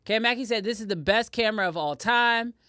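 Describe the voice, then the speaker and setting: Animated man hosting a livestream. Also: high-pitched, a little fast, smooth, no room sound, studio quality. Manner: animated, talks straight to chat, repeats himself. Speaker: livestream host. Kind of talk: casual livestream chat. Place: home editing room.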